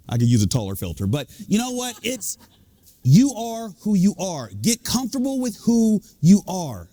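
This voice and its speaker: A man speaking to a live audience as a leadership speaker, his voice warm and dark in tone. His pitch sits a little high for a man and swings widely as he jokes and banters with the crowd. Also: normal speed. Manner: lively, joking, animated delivery. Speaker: executive coach and leadership speaker.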